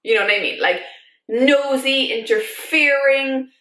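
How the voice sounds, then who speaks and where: Chatty, animated woman in an echoey room. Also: high voice, a little slow. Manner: chatty, animated, many fillers like "like". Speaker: YouTube vlogger. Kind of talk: casual opinion vlog.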